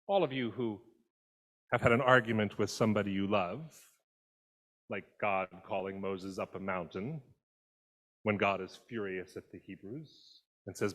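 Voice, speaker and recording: A man preaching a sermon in a conversational, expressive way, voicing quoted lines as he goes. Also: lowish voice. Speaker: pastor. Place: church sanctuary. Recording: long church reverb.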